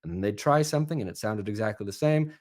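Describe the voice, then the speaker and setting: A man who coaches accents, chatting as a podcast guest and telling lively, animated stories. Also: lowish voice, fast. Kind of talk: casual podcast chat.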